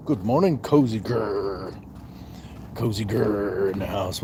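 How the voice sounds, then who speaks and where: A man's voice: lowish voice, slow pace, a little hiss or hum. A man hosting a casual live stream from his phone while walking outdoors at night, reading viewer comments aloud and chatting back. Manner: relaxed, reads viewer comments aloud and answers them. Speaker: livestream host. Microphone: handheld phone.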